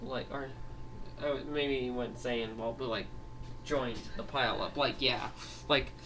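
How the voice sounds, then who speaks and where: Guy rambling through a silly made-up story, bright tone, mic a bit far off, faint noise behind. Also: medium pitch. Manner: rambling, full of restarts and laughs. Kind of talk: improvised storytelling. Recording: voice heard from a distance, faint noise.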